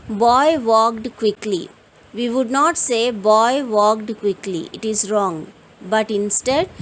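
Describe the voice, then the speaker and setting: A woman with a fairly high voice leads a grammar lesson at a very unhurried pace. She spells out each rule with care and reads example sentences aloud one by one, with a faint hiss behind her. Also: poor audio. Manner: slow, deliberate explaining, reading out example sentences. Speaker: English teacher.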